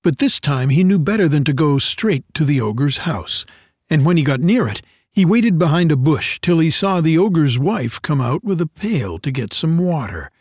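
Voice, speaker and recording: A man reading a fairy tale aloud in an expressive, unhurried storytelling manner. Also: on the high side, slightly rough, dry recording, clean studio sound.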